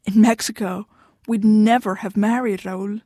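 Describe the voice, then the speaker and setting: A woman voicing a blunt, dismissive young wife in an audiobook, cutting and sharp-tongued. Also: medium pitch, steady tone, a little slow, dry recording, clean studio sound, close to an everyday voice. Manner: cutting, dismissive, flares into shouting. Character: blunt, cold young wife pushing her husband away. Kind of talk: audiobook dialogue.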